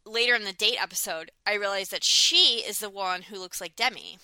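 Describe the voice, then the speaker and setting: A woman in her thirties chats casually on a podcast, her voice very bright and forward. She talks in a loose, rambling way, full of fillers and quick restarts. The sound is dry and close, with no room around her. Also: mid-range voice, clear, resonant tone, dry recording. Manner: chatty, many "like" fillers and restarts. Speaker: podcast co-host. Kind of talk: casual chat reviewing a dating show.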